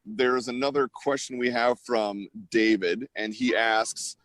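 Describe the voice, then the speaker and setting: A man's voice: mid-range voice, fairly even intonation, a bit bright, no echo, rough recording. Male host, reads viewer questions, dry close sound. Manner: brisk, reads questions aloud.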